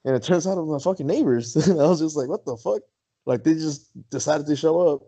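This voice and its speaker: Mellow-voiced man telling a party story. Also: fairly high pitch, quick pace. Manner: swears a lot, laughs while telling stories. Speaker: podcast co-host. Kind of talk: casual storytelling. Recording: dull lo-fi sound.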